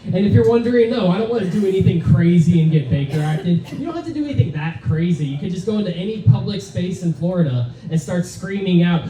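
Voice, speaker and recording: A man doing a stand-up set in a club with a deadpan, halting delivery full of fillers. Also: high voice, a little hiss or hum. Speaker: stand-up comic. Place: comedy club, open mic. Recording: echoey room from far off. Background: audience laughter.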